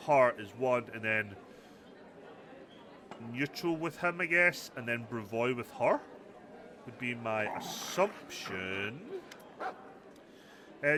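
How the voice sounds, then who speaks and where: A man's voice: mid-range voice, lively intonation, slow pace, pauses often, a crowd in the background. A man hosting a let's play, chatting casually and thinking aloud, with many small hesitations. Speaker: gaming channel host.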